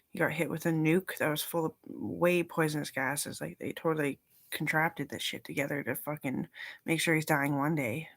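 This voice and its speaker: A young woman talking in a rambling casual monologue, meandering and swearing, and now and then dropping into a soft whisper. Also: low-pitched, no echo. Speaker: vlogger.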